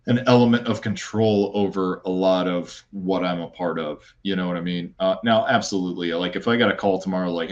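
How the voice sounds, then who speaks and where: Guesting on a podcast, a content creator talks briskly with few pauses, playful and rambling, often restarting and using fillers. His voice is low and the audio sounds dull.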